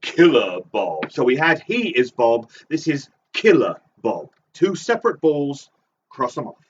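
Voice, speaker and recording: A man's voice: fairly high pitch, sing-song, unhurried, slight background noise. A man co-hosting a live online bingo game, playfully riffing on each called item in casual banter. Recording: muffled, distant mic.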